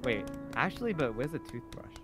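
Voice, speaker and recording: A male guest streamer in casual gaming chat, excitable and laughing, swearing freely. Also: mid-range voice, a little fast. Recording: music loud behind.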